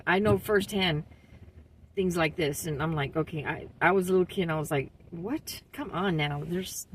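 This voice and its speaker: A woman's voice: mid-range voice, slightly rough, poor audio. A woman in Texas ranting in a rambling, heated, profane way in casual talk. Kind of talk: casual political rant. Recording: steady background noise.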